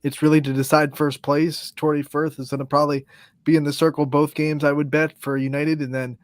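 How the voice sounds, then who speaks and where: A man's voice: on the high side, flat delivery, brisk, no echo, studio quality. A man co-hosting a sports show, laying out upcoming games in detail. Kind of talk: casual sports chat.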